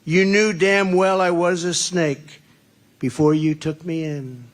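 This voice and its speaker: A man's voice: on the high side, steady tone, slow. Man reciting a sly menacing snake. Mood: wheedling. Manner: recited, sing-song.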